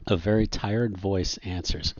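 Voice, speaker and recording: A man running a tabletop game as game master, talking in a halting way with many ums and restarts and frequent laughs. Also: deep voice, fairly even intonation, a little mellow, muffled recording, a little hiss or hum.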